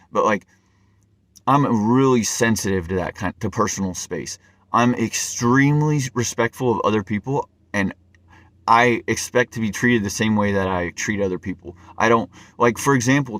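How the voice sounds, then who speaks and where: A man's voice: fairly low pitch, fairly bright tone, dry recording. Earnest rambling man, dry sound. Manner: earnest and rambling, restarts and repeats words often. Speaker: vlogger. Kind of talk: personal storytelling to camera.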